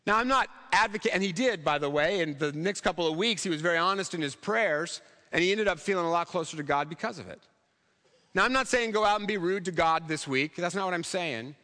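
A man's voice: high voice, a little fast, pushed and bright, long reverb tail. A man preaching a sermon in a church, conversational and humorous, acting out quotes along the way. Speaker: pastor.

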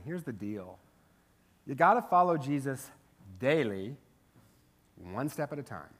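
A male pastor giving a sermon in a relaxed, chatty way, tossing in jokes and quick rhetorical questions. His voice sits a bit higher than most men's. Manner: conversational, humorous, rhetorical asides.

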